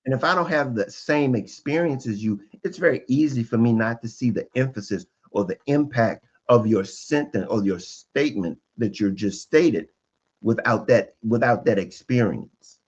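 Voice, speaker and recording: A man's voice: mid-range voice, animated, moderate pace, darkish tone, slightly rough, muffled recording. A man, a guest relationship expert on a podcast, explaining emphatically and restating his points again and again.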